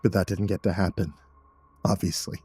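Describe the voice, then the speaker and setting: A man narrating a horror story in a measured, somber storytelling manner. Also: sits low, fairly even intonation, mellow, husky.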